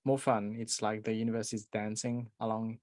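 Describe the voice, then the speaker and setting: A man's voice: on the low side, level tone, normal speed, a little mellow, no room sound. A man co-hosting a casual podcast, chatting in a playful, loose way as he introduces the show. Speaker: podcast co-host, life coach.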